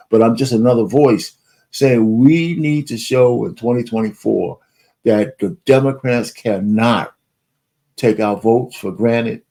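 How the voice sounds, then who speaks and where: A man's voice: mid-range voice, warm tone. A man hosting a political podcast, commenting bluntly and emphatically between played clips. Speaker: podcast host.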